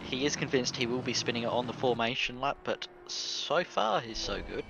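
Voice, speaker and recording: Measured man co-commentating a sim race. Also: medium pitch, creaky, muffled recording, noisy background.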